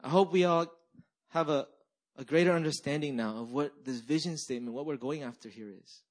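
A young male pastor delivers a sermon in a slightly high voice. He talks in a loose, animated way, leaning on "right?" and "like" to pull the congregation along. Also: fairly quick. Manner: animated storytelling, frequent "right?" and "like".

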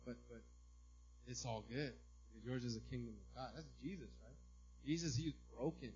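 A man preaching a sermon as a pastor, in a conversational way, often checking in with "right?" and now and then breaking into loud mimicry. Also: medium pitch, steady tone, brisk, lo-fi sound, a little hiss or hum.

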